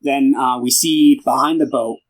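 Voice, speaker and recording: A young man chats through a film's plot on a casual podcast. He rambles and stops to act out each character's lines. His pitch sits at an ordinary middle level. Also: steady tone, a little slow, poor audio. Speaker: podcast co-host. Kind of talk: casual film podcast chat.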